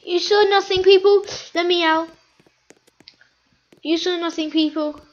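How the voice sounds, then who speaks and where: A very high, slow-talking woman chatting excitably as she plays, looping the same lines again and again. Her voice comes through a dull, lo-fi mic. It sounds like a casual gameplay video. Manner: excitable, chatty, repeats phrases. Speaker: gaming video host.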